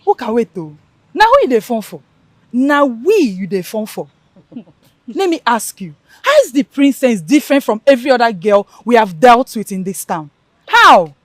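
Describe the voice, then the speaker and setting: A woman's voice: a little high, sing-song, moderate pace, no echo. An actress with a Nigerian Pidgin accent playing a sly young village woman who teases and coaxes the others into a plot. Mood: coaxing. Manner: teasing, laughing, conspiratorial.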